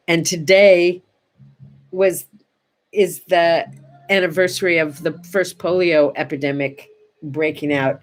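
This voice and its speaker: An older woman hosting a casual morning chat show, talking chattily to her viewers and going soft on sad memories. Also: lowish voice. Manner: chatty, warm-hearted, goes quiet and soft on sad memories. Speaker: host.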